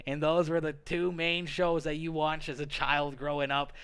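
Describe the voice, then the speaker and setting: Bright, clear-voiced Canadian man. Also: a little high, flat delivery, normal speed. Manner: playful, says "okay" a lot, laughs often. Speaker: livestream host. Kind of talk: casual livestream chat. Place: home streaming setup.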